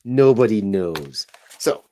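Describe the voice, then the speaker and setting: A man's voice: lowish voice, expressive, slow, warm tone, a little hiss or hum. A man hosting a casual livestream, chatting and rambling while he draws. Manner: rambling, chatty, self-deprecating. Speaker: show host.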